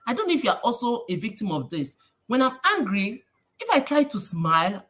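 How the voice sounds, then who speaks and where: A woman with a Nigerian accent hosting a casual livestream, preachy and lively, slipping in Pidgin phrases. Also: mid-range voice, a little fast. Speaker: livestream host.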